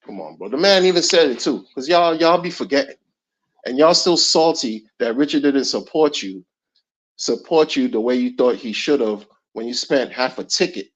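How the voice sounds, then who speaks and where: A man's voice: mid-range voice, normal speed. A middle-aged man ranting in casual commentary, emphatic and slangy, repeating his points. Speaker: commentary channel host. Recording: dull lo-fi recording.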